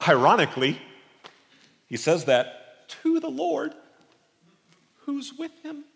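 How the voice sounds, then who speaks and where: A male preacher giving an expository sermon in an animated, conversational, emphatic way. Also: very high voice, slow pace, gravelly, big-room sound.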